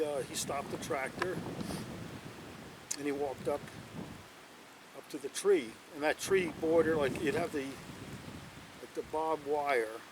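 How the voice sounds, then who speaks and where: A man telling a long story in a rambling, casual way, with lots of "you know" and restarts, outdoors at night. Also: a little high. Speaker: interviewee telling a local story. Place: outdoors at night near a bonfire. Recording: distant mic, loud wind and outdoor noise.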